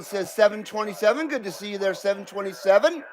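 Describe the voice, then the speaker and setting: A man with a high voice and lively intonation speaks a little fast, barely pausing, on a low-quality recording. He hosts a live radio-hobby stream from his home in Carson City, chatting in a laid-back way, swearing freely and greeting viewers by name. He is from Southern California.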